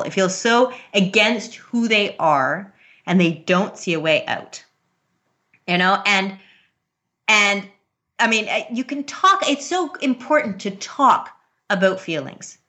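A woman in her thirties in casual conversation about parenting, earnest and quick to laugh, with many restarts. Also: medium pitch, bright, forceful tone. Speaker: parent guest. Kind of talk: casual podcast chat.

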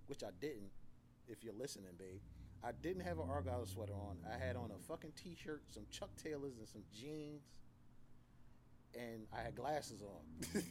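A man's voice: mid-range voice, expressive, unhurried, a loud crowd, low-quality recording. Candid, profane man spinning stories. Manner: loose, conversational, frequent "like" and "you know". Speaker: podcast guest. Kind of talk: casual podcast conversation.

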